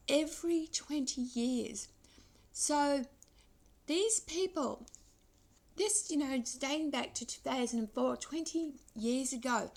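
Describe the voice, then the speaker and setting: A woman in her sixties talking through memories in a personal vlog, reflective and wandering, pausing and restarting as she goes. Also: sits high. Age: 60s. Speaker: vlogger.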